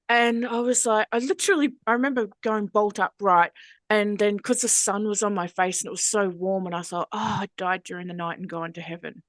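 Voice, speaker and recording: A woman's voice: mid-range voice, dry recording. Aussie woman guest telling her life story, frank and earthy, dry close sound. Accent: Australian. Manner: frank, earthy, animated retelling. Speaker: guest, hypnosis trainer. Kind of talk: candid personal storytelling.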